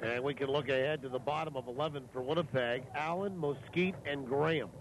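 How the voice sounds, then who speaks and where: A man doing live play-by-play for a baseball game on the radio, calling each pitch in a steady, matter-of-fact way. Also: brisk. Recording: noisy ballpark ambience.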